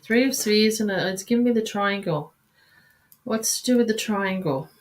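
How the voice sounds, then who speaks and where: A woman giving a live card reading, halting and searching for words, sighing often and calling listeners sweetheart and darling. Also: mid-range voice. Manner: halting, searching, with frequent sighs and restarts. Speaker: card reader.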